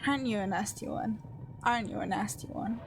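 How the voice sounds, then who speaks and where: A woman voicing a hateful, mocking, androgynous woman with a raspy, detached voice, from a story game she reads aloud. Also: mid-range voice, brisk, noisy background, natural voice. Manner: cold, taunting.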